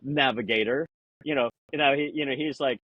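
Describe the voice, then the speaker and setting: A man with a husky, somewhat breathy voice rambles through anecdotes, filling his talk with "you know" and jumping into higher voices for the lines he quotes. The sound is dry and a little dull, like a simple podcast mic. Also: little pitch movement, fast, no echo. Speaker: podcast guest. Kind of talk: casual conversational storytelling.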